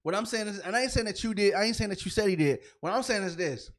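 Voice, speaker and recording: A man's voice: high-pitched, expressive, fast talker, fairly bright tone. A man co-hosting a comedy podcast, ranting in a heated, profane way and repeating himself when fired up. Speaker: podcast co-host.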